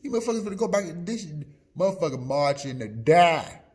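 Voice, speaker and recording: A man with a husky voice, ranting loudly and profanely, swinging between shouts and mutters. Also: on the high side, very animated, fairly quick. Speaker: blogger. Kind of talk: profane off-the-cuff rant.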